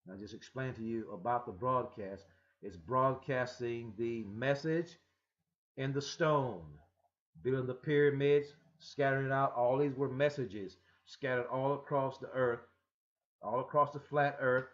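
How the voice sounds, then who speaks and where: A man's voice: mid-range voice, measured pace. A man teaching from scripture in a rambling, emphatic way, with frequent restarts and stammers, on a muffled lo-fi recording. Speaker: religious teacher.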